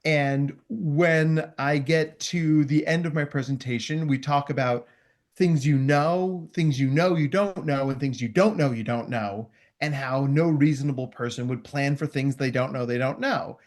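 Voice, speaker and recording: A man hosting a podcast, telling a story in an animated, self-deprecating way. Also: on the high side, a little slow. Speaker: podcast host. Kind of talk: storytelling interview chat.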